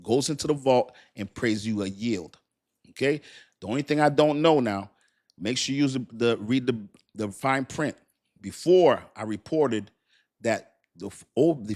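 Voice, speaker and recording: A man hosting a casual crypto live stream, chatty and repetitive, often thanking his viewers. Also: mid-range voice. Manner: chatty, repeats himself, thanks viewers warmly.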